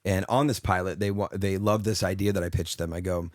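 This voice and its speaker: Brief: male comic guest, low voice, dry close sound, loose rambling storyteller, slightly hoarse. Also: steady tone, a little fast, no echo. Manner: rambling anecdotes full of fillers and restarts. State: losing his voice. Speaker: comedian guest. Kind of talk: casual storytelling interview.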